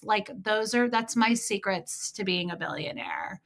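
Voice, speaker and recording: A woman's voice: mid-range voice, unhurried, hardly any pauses, a bit bright. A woman hosting a casual livestream chat, sarcastic and mocking, swearing freely and greeting viewers by name. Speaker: livestream host. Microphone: home streaming mic.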